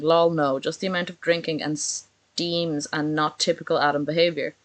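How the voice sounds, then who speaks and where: A woman's voice: deep voice, little pitch movement, moderate pace. A woman chatting casually on a live stream, sarcastic and chatty as she reacts and reads messages aloud.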